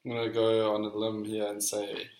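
A man's voice: fairly low pitch, completely flat delivery, normal speed, darkish tone, a little hiss or hum. A man co-hosting a casual football podcast, playfully reading out quotes in a quiz. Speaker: podcast co-host. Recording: roomy echo.

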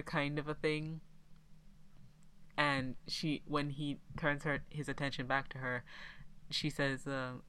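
A woman with a strikingly deep voice recaps a film in casual podcast talk, taking her time. She laughs often and acts out the characters as she goes. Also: takes it slowly, pauses often, low-quality recording. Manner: laughs often, animated retellings.

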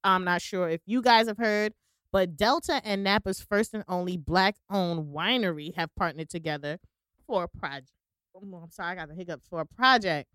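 A woman co-hosting a podcast in relaxed, upbeat casual chat, with plenty of "um" fillers. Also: mid-range voice, normal speed, smooth, no room sound, studio quality. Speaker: podcast co-host.

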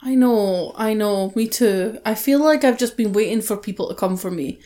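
A woman's voice: mid-range voice, normal speed, warm tone. A woman co-hosting a comedy podcast, wry and self-mocking, laughing often in casual chat. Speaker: podcast co-host.

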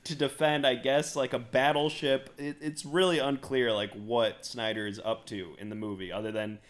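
A man's voice: medium pitch, steady tone, normal speed. A man co-hosting a podcast, talking in a rambling, sarcastic way full of "like" fillers and swearing. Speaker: podcast co-host. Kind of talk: casual chat.

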